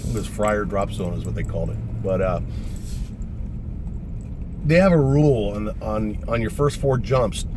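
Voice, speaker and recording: A man's voice: medium pitch, noisy background. A man, a former paratrooper, casually telling a war story with profanity and plenty of "you know"s.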